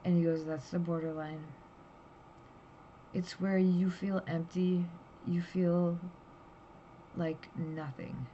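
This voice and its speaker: A worn-out woman talks through her day in a rambling, emotional personal vlog. Her voice sits a little low, and the recording is dull and lo-fi with a faint hiss behind her. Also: level tone, slow pace, long pauses, dark tone. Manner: raw, rambling, emotional storytelling. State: tired, drowsy. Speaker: vlogger.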